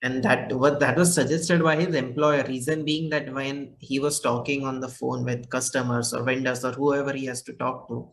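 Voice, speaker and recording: A man's voice: mid-range voice, fairly even intonation, normal speed, vocal fry, few pauses, poor audio. A man with an Indian accent hosting a casual podcast interview, talking with frequent hesitations. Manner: hesitant, restarts and fillers. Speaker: podcast host.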